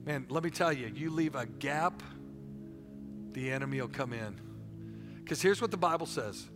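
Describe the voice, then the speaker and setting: A middle-aged man preaching a sermon, animated and repetitive, telling stories between points. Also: mid-range voice, measured pace, over music.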